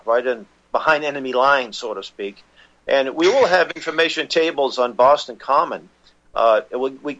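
A man speaks as a radio guest, his voice coming through a dull, muffled line at a middling pitch. He rambles, stops and restarts his sentences, and fills the gaps with filler words. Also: fairly bright tone. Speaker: guest, constitution educator. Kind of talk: phone-in radio interview.

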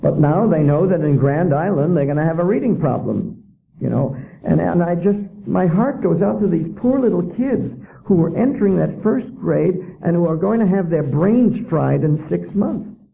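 A man's voice: on the high side, animated, moderate pace, creaky, narrow, tinny audio. A man giving a public lecture as an author, indignant and full of rhetorical questions.

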